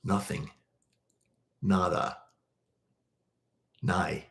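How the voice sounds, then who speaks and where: A man's voice: low-pitched, drawn-out words, vocal fry, fairly bright tone. Chatty man with a Baltimore accent. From Baltimore, USA. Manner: rambling, chatty, many restarts and fillers. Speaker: podcast host. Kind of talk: casual livestream chat.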